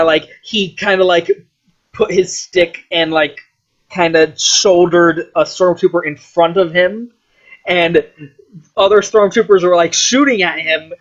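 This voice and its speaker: A man rambling casually about a film, full of fillers and swearing, animated as he goes. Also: high voice, highs cut off. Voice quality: filler-heavy, profane, animated. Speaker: vlogger reviewing a film.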